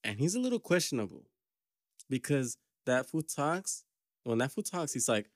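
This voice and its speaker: A man's voice: medium pitch, big pitch swings, moderate pace, no echo. Slangy rambling man, dry close mic. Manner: rambling storyteller, heavy slang and swearing, laughs often. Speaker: podcast co-host. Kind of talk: casual chat.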